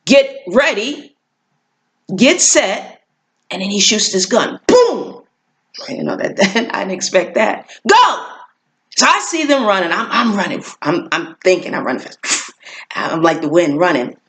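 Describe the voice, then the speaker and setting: A woman's voice: fairly low pitch, moderate pace, a little hiss or hum. A woman telling a personal story as a motivational speaker, earnest and encouraging, acting out voices along the way. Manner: animated, acts out voices in her story.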